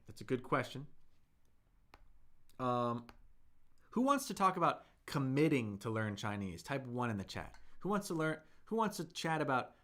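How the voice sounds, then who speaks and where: Male language tutor live-streaming, friendly and conversational, answers chat and models pronunciation slowly. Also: medium pitch, fairly bright tone. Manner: upbeat, chatty, slows down to model tones; reads viewer comments aloud and answers them. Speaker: Chinese teacher and livestream host.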